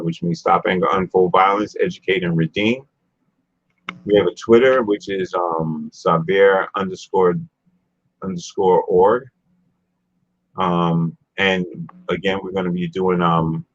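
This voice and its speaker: A man's voice: low-pitched, no room sound, highs cut off. A man hosting a casual talk show, rambling and laid-back, often repeating himself. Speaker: show host.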